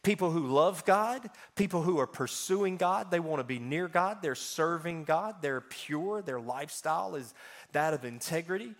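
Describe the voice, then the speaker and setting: Male pastor, fairly high voice, lively sermon storyteller, loud-to-soft swings. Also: normal speed. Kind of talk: sermon with personal stories.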